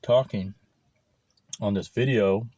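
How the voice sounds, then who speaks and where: A man with a lowish voice chats and rambles over lunch, cursing freely. He talks straight to the camera, picked up by the camera mic and not a clip-on. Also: fairly even intonation, takes it slowly, dark tone, no echo. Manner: rambling, profane, swears often. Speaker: vlogger. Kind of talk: casual chat while eating lunch.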